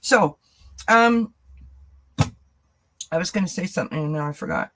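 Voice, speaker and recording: A woman's voice: lowish voice, big pitch swings, moderate pace, long pauses, a bit bright, husky, rough recording. Chatty woman greeting live viewers. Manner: chatty, greets viewers by name, laughs often. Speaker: tarot reader and channel host. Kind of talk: casual live-stream chat.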